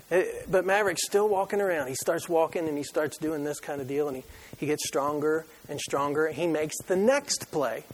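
Husky-voiced preacher telling a lively story. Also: male voice, fairly high pitch, fairly quick. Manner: animated, jokey storytelling, acts out his own reactions. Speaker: pastor. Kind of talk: sermon with storytelling.

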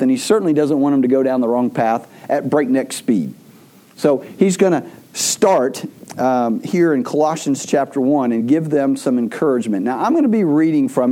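A pastor with a warm, mellow voice preaches a sermon to his congregation. He tells stories loosely and conversationally, stumbling and restarting often as he goes. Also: a little high. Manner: rambling storyteller with frequent restarts.

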